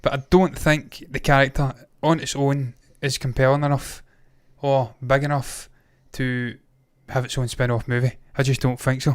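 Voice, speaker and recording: Blunt, smooth-voiced man in casual chat. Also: medium pitch, level tone, normal speed, few pauses. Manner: blunt, swears freely, rambling opinions. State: tired and a little tipsy. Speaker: co-host of a movie news show.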